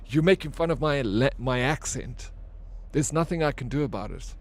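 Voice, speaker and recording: A young man keeps up casual banter with his stream chat as he plays a video game, swearing freely and joking. He speaks at a moderate pace in a mid-range voice.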